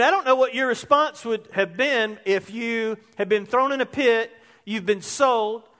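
A man's voice: very high-pitched, a bit bright. A male pastor preaching a sermon in a conversational, emphatic way, weaving in personal stories.

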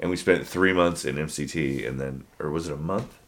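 A man in his forties, a podcast co-host, telling military stories in casual chat, swearing freely and acting out shouted drill instructor lines. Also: extremely low pitch, brisk. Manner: storytelling, acts out drill instructors loudly.

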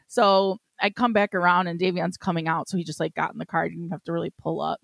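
A woman's voice: on the low side, little pitch movement, fairly quick, gravelly, hardly any pauses, fairly bright tone, no echo. A woman co-hosting a podcast in casual chat, ranting and swearing, raising her voice to act out what she and others said. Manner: ranting, profane, acts out quotes in a raised voice. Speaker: podcast co-host.

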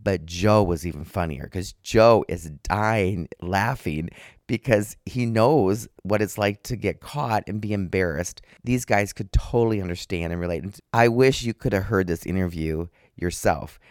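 A man hosting a podcast, telling a story in a chatty way and breaking into high laughter. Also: unhurried, no echo, clean studio sound. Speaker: podcast host. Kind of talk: casual storytelling monologue.

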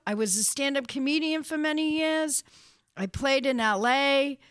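A woman's voice: sits high, moderate pace, dry recording, clean studio sound. A woman in her sixties from the Boston area, a casting director telling funny stories in a casual interview and laughing often. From Boston area, USA. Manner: lively, funny storyteller who laughs often.

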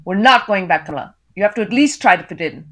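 A woman's voice: medium pitch, expressive, fast, a bit bright. A woman voicing a stern, scolding middle-aged Indian father with an Indian accent. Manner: scolding, firm.

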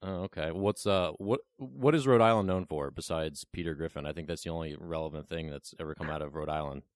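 A man's voice: rumbling low, brisk, dry recording, clean studio sound. A young man hosting a casual podcast interview, teasing his guest with joking banter. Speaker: podcast host. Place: Bloomington, Illinois, remote call.

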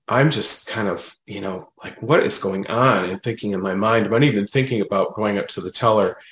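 A man, a medium, telling a personal story in casual conversation, animated and full of fillers, acting out what others said. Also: on the low side, echoey room, poor audio. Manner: animated, retells dialogue, many fillers. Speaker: medium, podcast guest.

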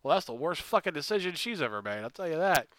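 A man's voice: on the high side, quick pace, very noisy. A man co-hosting a casual movie chat, sarcastic and crude, telling the plot with jokes. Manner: animated, sarcastic, crude humor. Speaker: podcast co-host. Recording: dry close sound.

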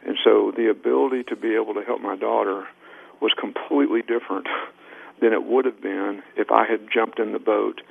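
Gravelly man on a phone line. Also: lowish voice, fairly even intonation, brisk. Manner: earnest anecdotes, acting out quoted dialogue. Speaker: leadership trainer, guest. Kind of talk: storytelling in a radio interview. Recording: tinny phone line on radio.

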